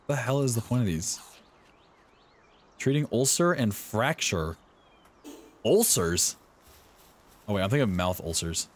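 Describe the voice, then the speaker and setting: A young man streaming a video game live, talking excitedly to the characters on screen. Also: medium pitch, unhurried, pauses often, slight background noise. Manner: excitable, talks to the game's characters. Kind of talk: live gameplay commentary.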